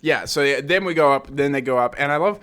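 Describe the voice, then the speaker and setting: A man's voice: a little high, quick pace, fairly bright tone, clean tone. A man co-hosting a podcast, reviewing a film in casual chat, swearing freely and acting out lines from the movie. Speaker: podcast co-host.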